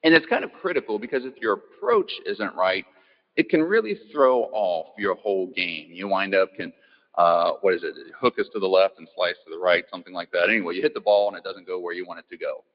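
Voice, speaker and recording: A man giving a relaxed, folksy talk, poking fun at himself and asking the audience questions. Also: deep voice, a little fast. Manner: easygoing, self-deprecating, asks the audience questions. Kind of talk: folksy talk opening with a joke. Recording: muffled sound in an echoey hall.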